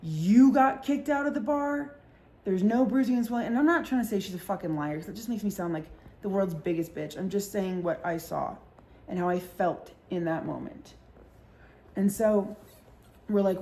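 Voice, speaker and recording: A woman tells a story in casual podcast chat, packing her talk with fillers and swearing freely. Her voice sits in an ordinary middle pitch. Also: dark tone. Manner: fast-talking, full of fillers and swearing. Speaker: podcast host.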